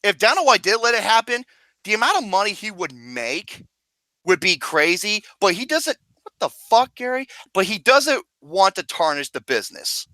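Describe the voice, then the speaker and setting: A podcast host rants loudly and swears freely in casual chat. His pitch swings widely, and his voice has a bright, forceful edge. The sound is dry and close. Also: very animated, moderate pace, no echo. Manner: loud, profane ranting.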